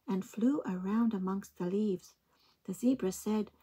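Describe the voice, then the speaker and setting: A woman reading picture books aloud to young children in a slow, gentle, expressive way. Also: mid-range voice, slightly rough. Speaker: early-years storytime reader.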